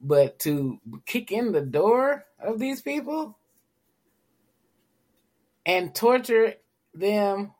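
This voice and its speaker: A man's voice: high-pitched, lively intonation, very slow, pauses often, a little mellow. A man, co-hosting a podcast in a loose, rambling way, full of "you know". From Tennessee. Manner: laid-back, rambling storyteller with frequent "you know". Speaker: podcast co-host. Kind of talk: casual chat.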